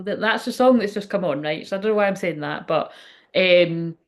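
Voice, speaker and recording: A woman's voice: fairly low pitch, a little fast. A woman hosting a psychic livestream from home, chatting loosely and emotionally, swearing often and trailing off mid-sentence. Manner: rambling, emotional, swears freely, frequent laughs. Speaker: psychic medium livestream host. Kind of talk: casual livestream chat.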